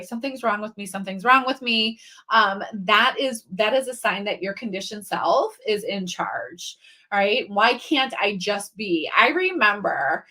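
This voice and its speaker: A woman's voice: mid-range voice, sharp tone. A middle-aged woman leading a live online training, talking casually with many fillers and restarts and greeting viewers by name. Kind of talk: live-streamed teaching talk.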